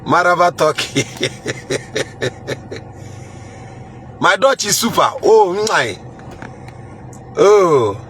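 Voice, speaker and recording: A playful man with a Nigerian accent chats live with his viewers, chuckling, repeating his words and trying out greetings. His voice sits a little high. Faint traffic noise hums behind him. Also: a bit bright. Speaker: livestream host reading viewer comments. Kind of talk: casual live chat.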